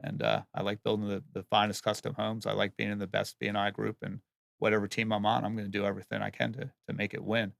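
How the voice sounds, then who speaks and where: A man with a heavily gravelly, somewhat low voice speaks earnestly about his home building work. He talks plainly in casual interview answers and often restarts his words. The sound is dry and close. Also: flat delivery, fast talker, a bit bright, dry recording.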